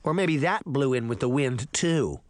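A man's voice: medium pitch, lively intonation, normal speed, no echo, lightly acted. A man reading an audiobook, voicing a pompous, dismissive mayor with a snappy, smug delivery. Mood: scornful. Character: pompous, scornful middle-aged male mayor.

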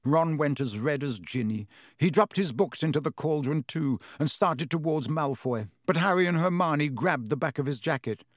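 A male narrator tells the story in an expressive, lively reading. His voice sits a touch high for a man and the recording is close and dry, with no room sound. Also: normal speed, dry recording. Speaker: audiobook narrator. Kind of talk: scripted narration.

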